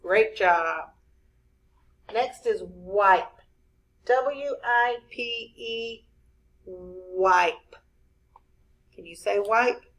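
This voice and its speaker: Slow, encouraging woman teaching spelling. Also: medium pitch, fairly bright tone, rough recording. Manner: slow, clear, spelling words out letter by letter. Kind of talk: spelling lesson for young children.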